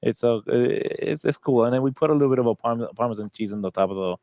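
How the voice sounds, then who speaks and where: A man, a restaurant chef, describing his dishes in a halting way with lots of fillers and repeated yeses. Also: mid-range voice, warm tone, highs cut off. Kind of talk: casual chat describing dishes.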